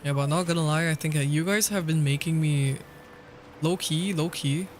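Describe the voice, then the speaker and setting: A man's voice: a little high, moderate pace, a little hiss or hum. A man chatting casually and playfully with his viewers while streaming a game, swearing lightly and laughing often. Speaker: livestreamer. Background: faint background music.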